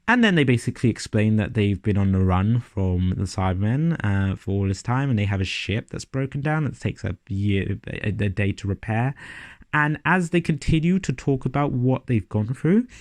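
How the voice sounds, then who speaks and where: A man's voice: medium pitch, dry recording. A man giving a casual, sarcastic and profane review of a TV episode.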